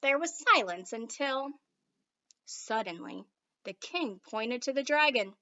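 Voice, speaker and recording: Brief: woman storybook reader, high bright voice, slow and expressive, slightly muffled recording. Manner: expressive, unhurried. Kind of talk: storybook read-aloud.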